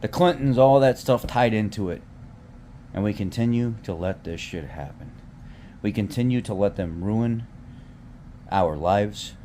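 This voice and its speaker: Heated and swearing freely, a vlogger in his thirties rants casually to his viewers, often restarting and repeating words. His voice sits on the low side with a warm tone, and there's a little hiss or hum.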